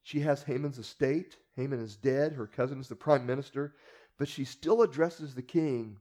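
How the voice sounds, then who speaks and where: A man's voice: medium pitch, moderate pace, warm tone. A man preacher teaching a Bible story in a casual storytelling way, with rhetorical asides to the listeners.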